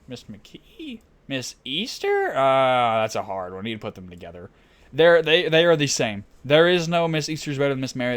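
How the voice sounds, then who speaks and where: A young man rambling through funny school stories while ranking his teachers. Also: mid-range voice. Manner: rambling, laughs often. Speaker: vlogger. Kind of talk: casual storytelling.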